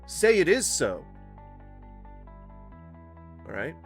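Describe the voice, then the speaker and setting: A man's voice: a little high, huge pitch swings, very slow, creaky, faint music behind. A man reacting to videos on his channel, ranting casually and swearing often between laughs. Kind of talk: casual profane commentary.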